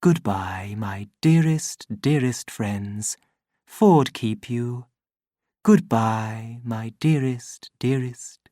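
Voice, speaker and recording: A man voicing a recorded crowd-control voice that speaks softly with gentle sorrow. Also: mid-range voice, lively intonation, takes it slowly, hardly any pauses, no echo, clean studio sound. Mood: tender. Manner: soft, tender, pleading.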